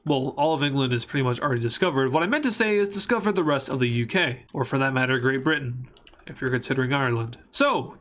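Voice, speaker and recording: A man's voice: on the high side, a bit bright, a little hiss or hum. A young man hosting his own channel, narrating a map scenario in a casual, rambling way with jokey, self-mocking asides. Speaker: YouTube mapping channel host.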